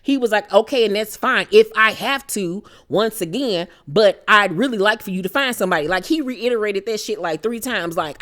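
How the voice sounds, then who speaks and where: A woman hosting a casual reality TV recap, talking in an animated, gossipy and profane way, with bursts of mock outrage. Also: mid-range voice, normal speed.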